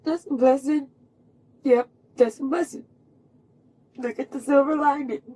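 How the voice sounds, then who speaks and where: High-pitched sobbing woman, panicking. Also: steady tone, a little slow, warm tone. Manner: panicky, sobbing, swearing at herself. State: crying and short of breath. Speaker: arrested driver. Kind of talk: talking to herself alone in a patrol car. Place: back seat of a police car.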